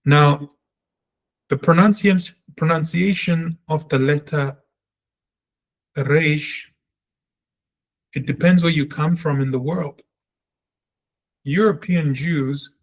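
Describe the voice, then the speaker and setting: A man giving a spoken language lesson, talking earnestly and reflectively, and repeating sounds slowly to show how they are said. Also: mid-range voice. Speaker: Hebrew teacher.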